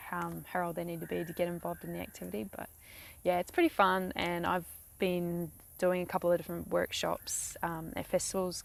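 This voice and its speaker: A woman's voice: on the low side, gravelly. A young woman from New Zealand with a New Zealand accent, chatting casually in a how-to vlog, rambling with lots of fillers, recorded outdoors beside a lake. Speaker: craft vlogger.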